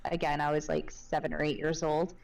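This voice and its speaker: A woman's voice: low voice, level tone, fairly quick, creaky, darkish tone, distant mic, poor audio. A woman in her twenties, a streamer guest on a podcast, chatting casually in a rambling way full of fillers and giggles. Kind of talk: casual chat.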